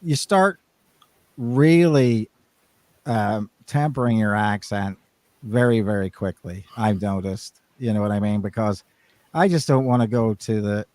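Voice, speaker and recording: A man's voice: lowish voice, a little slow, darkish tone, no echo. A man co-hosting a podcast, talking casually in long, rambling turns full of restarts. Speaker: podcast co-host. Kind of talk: casual chat.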